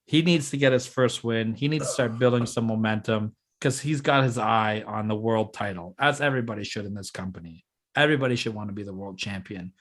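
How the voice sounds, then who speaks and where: A male podcast co-host with a lowish voice talks fairly quickly in a casual chat. Excited and teasing, he walks step by step through his booking plans for a fantasy wrestling show.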